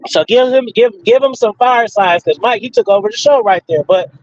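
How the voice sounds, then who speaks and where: A man's voice: extremely high pitch, big pitch swings, fairly quick, creaky, no echo, highs cut off. A man hosting a casual question-and-answer session, rambling in profane street slang. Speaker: host answering audience questions. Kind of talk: casual Q and A talk.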